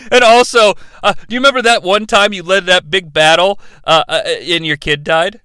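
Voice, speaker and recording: Sarcastic, swearing man with a bright voice. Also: high voice, moderate pace, few pauses, clean tone, no echo. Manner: sarcastic, profane, rambling. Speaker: podcast host reviewing a film. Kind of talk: casual comedic film recap.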